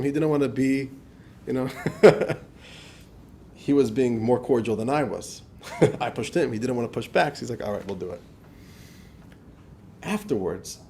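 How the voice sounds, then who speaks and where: A man teaching a class as a rabbi, telling stories in a lively lecture style, acting out quotes and laughing often. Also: fairly high pitch. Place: class in front of a live audience.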